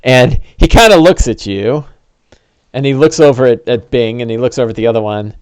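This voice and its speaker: A man narrating as game master for a tabletop game, animated and quick to laugh. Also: mid-range voice, clear, resonant tone, no echo, studio quality.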